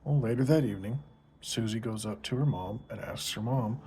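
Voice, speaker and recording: A man telling a joke story in a casual, deadpan manner, with a mid-range voice. A faint hiss sits behind him. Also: medium pitch, brisk, creaky. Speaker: joke teller.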